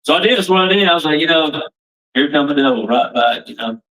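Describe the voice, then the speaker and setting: A man's voice: a little high, expressive, quick pace, sharp tone, recorded from a distance, rough recording. A man giving a plain-spoken, emphatic personal testimony at a recovery meeting, repeating himself for weight.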